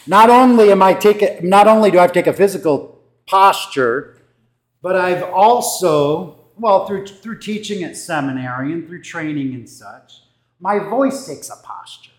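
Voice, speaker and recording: A man, a pastor, casually teaching his congregation in the church, thoughtful and conversational, moving around as he talks. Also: high-pitched. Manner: conversational, thoughtful, with restarts and gestures. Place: church sanctuary. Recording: echoey church room.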